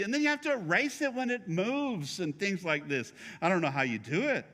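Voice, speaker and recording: A man's voice: high voice, expressive, fairly quick, bright, forceful tone, long reverb tail. A middle-aged male pastor preaching a sermon in a conversational, joking way, teasing his congregation.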